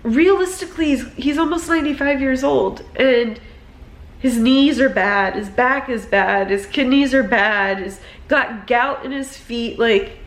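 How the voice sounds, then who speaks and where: Young woman vlogger, higher voice, emotional and rambling, roomy echo. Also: measured pace. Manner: emotional, rambling, many fillers. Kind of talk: personal vlog talking to camera.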